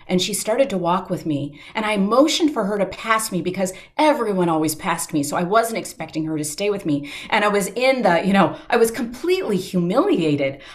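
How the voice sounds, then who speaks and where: This is a medium-pitched middle-aged woman being interviewed about her own life. She tells it earnestly, from the heart, and lets her delivery slow at the most moving parts.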